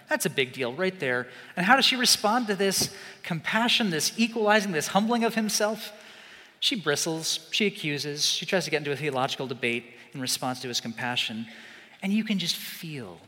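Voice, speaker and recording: A man preaching a sermon, animated, swinging from loud emphasis to hushed, slow asides. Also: on the high side, in a large hall.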